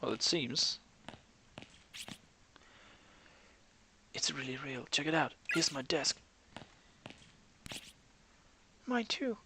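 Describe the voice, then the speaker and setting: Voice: mid-range voice, normal speed, poor audio. A game reader voicing a frightened, homesick teenage schoolgirl in a pleading, shaken way. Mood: disbelieving, relieved. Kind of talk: reading game dialogue aloud. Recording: steady background hiss.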